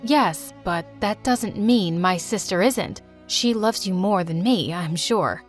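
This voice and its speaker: A woman voicing a regretful long-lost mother in an animated story, speaking earnestly. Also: medium pitch, takes it slowly, faint music behind, natural voice.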